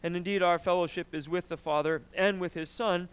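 Male pastor delivering a sermon; higher pitched and resonant, emphatic and conversational. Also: brisk. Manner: animated, emphatic preaching with frequent "right?" and throat clearing.

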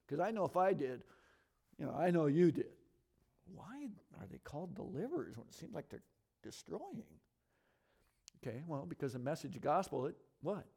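A middle-aged man leading a Bible teaching, talking quickly and conversationally, tossing questions out to his listeners. His voice sits a little higher than most men's. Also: gravelly, husky. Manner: lively, conversational, talks fast and asks the audience questions. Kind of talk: sermon teaching to a congregation.

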